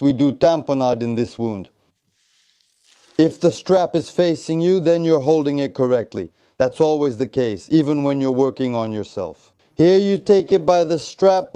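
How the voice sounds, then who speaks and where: A man's voice: on the high side, warm tone, smooth, no room sound. A man instructing trainees in tactical first aid, coaching them step by step and repeating short encouragements. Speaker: military tactical medicine instructor.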